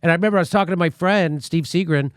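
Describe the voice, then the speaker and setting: A male comedy host rants sarcastically and swears freely as he reacts to news clips. His voice sits a little high. The sound is dry and close, with no room in it. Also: very fast, no echo. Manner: sarcastic, profane ranting. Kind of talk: comic political commentary.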